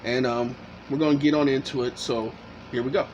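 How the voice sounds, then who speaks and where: A man's voice: medium pitch, steady tone, fairly quick, a little mellow, highs cut off, slight background noise. A man hosting a reaction commentary, cursing and heated as he interrupts a clip. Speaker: commentary channel host.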